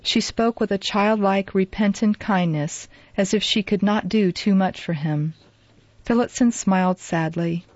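Woman reading a classic novel aloud, measured, dull dry lo-fi audio. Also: mid-range voice, darkish tone, no echo. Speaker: audiobook narrator. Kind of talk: scripted narration.

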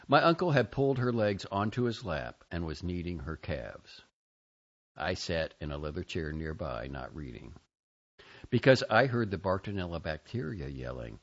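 Man, memoir reading, very deep voice, lively intonation, lo-fi sound. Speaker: narrator. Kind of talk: reading a personal memoir aloud. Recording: dull lo-fi recording.

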